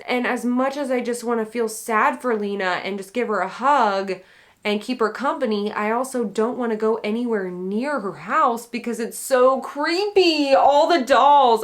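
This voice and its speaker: Woman book vlogger, chatty and playful, rambles with ums and excited asides. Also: a little high. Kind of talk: casual chat to camera.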